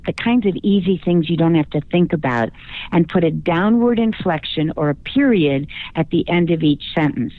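A woman's voice: on the low side, moderate pace, dry recording. A woman from Chicago, a guest speaking coach in a radio interview, giving confident, emphatic advice. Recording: phone-line call.

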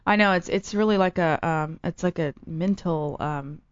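A young adult woman comedian telling stories in an animated, lively way during casual conversation. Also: fairly low pitch, normal speed, dry recording. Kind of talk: casual chat. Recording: dull lo-fi dry recording.

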